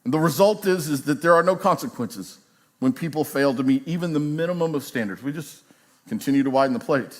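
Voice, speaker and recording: A pastor preaching, telling a long story and acting out the quoted voices with lively emphasis. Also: male voice, a little high, fairly quick. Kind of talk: sermon storytelling. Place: church.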